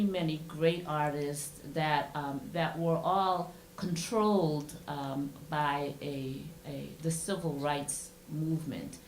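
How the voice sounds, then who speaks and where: Low-voiced woman on a roomy panel. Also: slight background noise. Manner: reflective, with many hesitations. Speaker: panelist, dancer. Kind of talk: panel discussion remarks. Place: symposium panel in a large room. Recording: roomy room sound.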